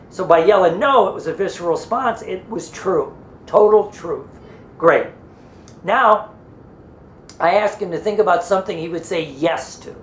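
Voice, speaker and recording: A man's voice: high-pitched, reverberant, a little hiss or hum. A man who trains people in hypnosis and NLP, teaching through a loose, rambling story and acting out what people said.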